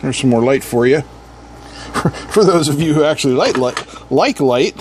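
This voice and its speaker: A man with a slightly high voice walks through a gadget teardown in a casual, hands-on way. He reads labels aloud and tosses in dry, sarcastic asides. A faint hiss sits under the voice. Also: expressive, a little slow. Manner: wry, sarcastic asides and hums. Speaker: electronics teardown host.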